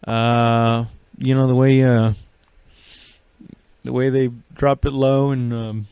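A man's voice: medium pitch, level tone, slow, a little mellow, clear, resonant tone, dry recording. A man hosting a solo podcast, rambling and cursing, full of fillers and restarts. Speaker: podcast host. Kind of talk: casual solo podcast chat.

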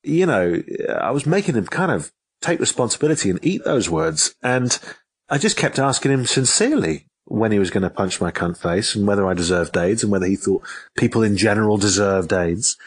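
A man, an author telling a story in an interview, lively and given to repeating and restarting his phrases. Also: fairly low pitch, slightly rough, no echo. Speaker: author and guest.

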